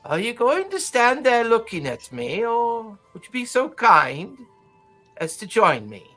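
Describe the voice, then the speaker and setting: A man doing a gentle old robed mystic, Mannheim. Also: extremely high pitch, wildly swooping pitch, faint music behind, voice pushed up, full character voice. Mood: gracious. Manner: courteous, unhurried, faintly teasing.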